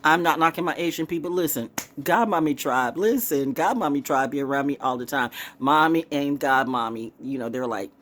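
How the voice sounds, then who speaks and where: A woman vlogging in a casual, rambling monologue, swinging from hushed asides to excited exclamations. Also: deep voice, normal speed, hardly any pauses, slight background noise. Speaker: spiritual vlogger, oracle reader.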